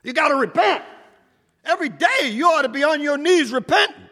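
A man preaching a sermon, shouting at times and swinging between loud and soft. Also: lively intonation, brisk. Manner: preaching with shouts and wide swings in pitch and loudness. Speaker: pastor. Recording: echoey hall.

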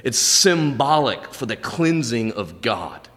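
Male pastor, sermon delivery, very animated pitch, long church reverb. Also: slow pace. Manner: animated preaching, pitch jumping high on emphasis. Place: church sanctuary.

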